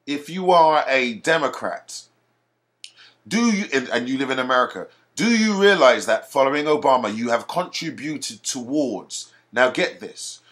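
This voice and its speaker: A man's voice: mid-range voice, fairly bright tone. A man delivering an indignant, emphatic monologue rant to camera, repeating his points. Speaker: video blogger.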